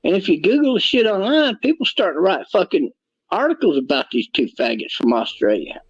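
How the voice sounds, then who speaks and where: A man's voice: sits high, very animated, a little fast, breathy edge, no room sound. A man on a livestream clip, ranting crudely and repeating himself. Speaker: streamer in played clip. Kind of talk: profane livestream rant. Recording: dull lo-fi clip audio.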